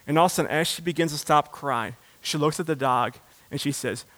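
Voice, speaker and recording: Man, pastor, sermon, high voice, swings from loud fervor to hushed, long hall reverb. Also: fast talker. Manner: builds to loud impassioned preaching, then drops low.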